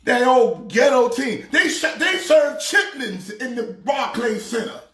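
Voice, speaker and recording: A man playing a loud, excitable pastor ranting about sports teams. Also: extremely high pitch, a little slow, reverberant, soft background music, full character voice. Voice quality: preachy, shouting rant. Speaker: comedic sports pastor character. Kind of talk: comedic sports rant.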